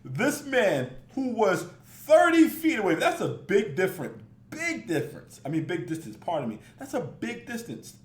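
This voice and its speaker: A man's voice: sits high, huge pitch swings, normal speed, hardly any pauses, reverberant. A man hosting a reaction video, giving casual, mocking commentary and swearing freely.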